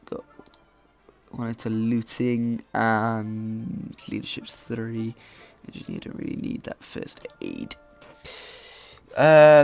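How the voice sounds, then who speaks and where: A man's voice: mid-range voice, very animated, slow pace, gravelly, darkish tone, soft background music. A man giving casual gameplay commentary, thinking aloud and hesitating with fillers as he goes. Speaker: let's play gamer.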